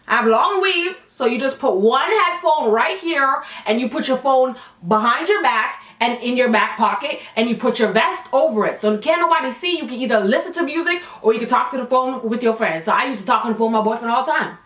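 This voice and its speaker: A young woman rattles through a casual storytime, high-pitched and bright. She is blunt and swears freely. Her voice rings in an echoey room, a little away from the mic. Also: far from the mic. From Canada. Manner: fast-talking, blunt and profane. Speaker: vlogger.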